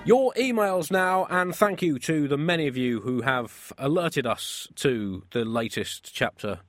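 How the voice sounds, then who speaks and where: Deadpan male radio host. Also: mid-range voice, unhurried, faint music behind. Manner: deadpan, wry. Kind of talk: comic radio banter.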